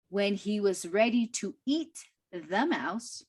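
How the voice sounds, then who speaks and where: A woman teaching a language class, reading a short story aloud line by line and explaining it slowly and carefully. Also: medium pitch, lively intonation. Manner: slow, careful, with fillers and soft laughs.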